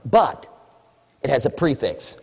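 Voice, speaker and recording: A male preacher giving an animated sermon in a church, shouting for emphasis and mimicking congregants. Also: medium pitch, slow pace, creaky, slightly rough. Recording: echoey hall with long reverb.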